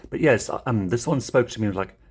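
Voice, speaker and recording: A man's voice: medium pitch, moderate pace, darkish tone, husky. A man casually showing his plush toy collection in a rambling way, chuckling often. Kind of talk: casual show-and-tell.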